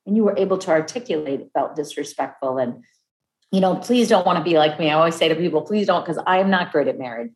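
A woman in her fifties talking casually and warmly about marriage, acting out other people's voices as she tells stories. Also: low voice. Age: 50s. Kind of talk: casual heartfelt conversation. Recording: echoey room.

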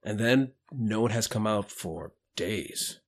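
A man doing a low, hushed, wary old barkeep. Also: takes it slowly. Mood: guarded. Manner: low, quiet and guarded. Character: wary older male bartender, keeps his head down.

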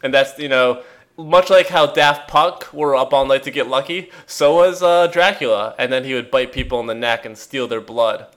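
A man's voice: medium pitch, normal speed, a bit bright. Podcast co-host, male, casual rambling delivery with jokes and fillers, remote call mic. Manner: rambling, jokey, trails off with fillers. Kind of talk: casual chat.

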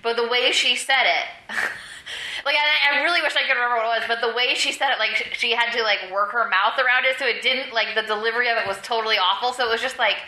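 A woman's voice: a little high, fairly even intonation, quick pace, bright, forceful tone. A woman co-hosting a casual TV podcast, rambling with lots of "like". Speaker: podcast co-host. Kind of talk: casual chat. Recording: roomy echo.

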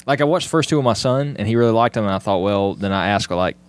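Deep-voiced male co-host, halting and filler-heavy, casual chat tone. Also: expressive, clear, resonant tone. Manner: hesitant, many fillers and restarts when leading a segment. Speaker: podcast co-host.

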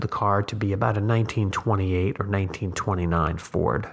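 A man, the host, reading a short story aloud in measured, unhurried scripted narration. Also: on the low side, fairly even intonation, creaky, breathy edge.

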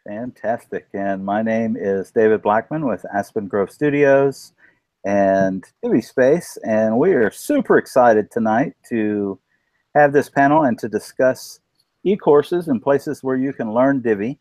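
A man hosts a casual live panel chat. He talks in a loose, upbeat way with plenty of fillers, in a middle pitch. The sound is dry and close. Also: animated, a little slow, darkish tone, dry recording. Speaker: podcast host.

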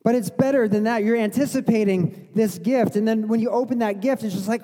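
A man's voice: high-pitched, a little fast, few pauses, dark tone, big-room sound. A middle-aged man preaching a conversational sermon as pastor, sometimes acting out the crowd's voices. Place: church sanctuary.

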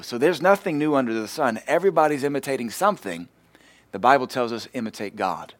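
A man, preaching a sermon in church and joking and laughing at his own stories. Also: mid-range voice. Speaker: pastor.

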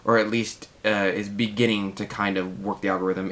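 A man's voice: on the low side, flat delivery, normal speed, hardly any pauses, fairly bright tone. A man co-hosting a casual podcast, ranting animatedly and laughing often. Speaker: podcast co-host, artist.

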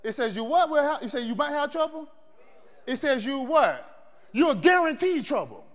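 A man a sermon in call-and-response style, swinging between loud shouts and hushed low passages. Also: big pitch swings, moderate pace, in a large hall. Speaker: preacher.

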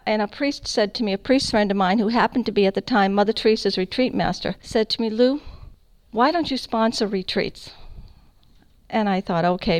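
Middle-aged woman, fairly high voice, emphatic storyteller sharing her faith testimony with a crowd. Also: no room sound, low-quality recording. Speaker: founder of a Catholic radio ministry. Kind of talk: personal faith testimony to an audience.

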